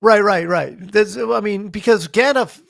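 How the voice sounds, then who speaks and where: A man co-hosting a podcast in an animated casual chat, laughing often. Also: high-pitched, measured pace, vocal fry, no room sound, clean studio sound. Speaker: podcast co-host.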